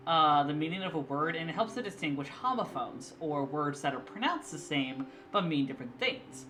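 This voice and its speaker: A man's voice: on the high side, pushed and bright. A young man streaming casually, chatty and eager to explain, laughing often. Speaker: streamer and artist. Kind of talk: casual live-stream chat. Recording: clear background music.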